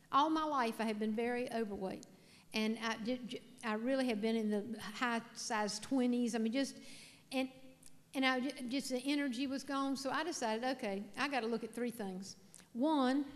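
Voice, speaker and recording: High-voiced woman telling stories on stage. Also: in a large hall. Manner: folksy, self-mocking storytelling with audience questions. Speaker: motivational speaker. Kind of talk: humorous keynote speech. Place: large hall with a live audience.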